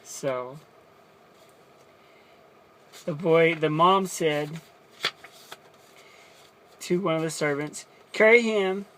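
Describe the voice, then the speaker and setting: A man's voice: on the high side, fairly even intonation, extremely slow, pauses often, fairly bright tone, slight background noise. A man casually retelling a Bible story as a teacher, chatty and explaining as he goes.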